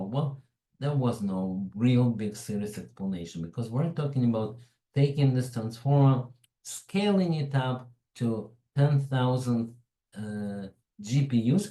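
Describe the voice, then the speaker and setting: A man's voice: medium pitch, warm tone, echoey room, rough recording. A man with a foreign accent presenting a tech webinar in a chatty, digressive way, with frequent asides. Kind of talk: informal tech webinar talk.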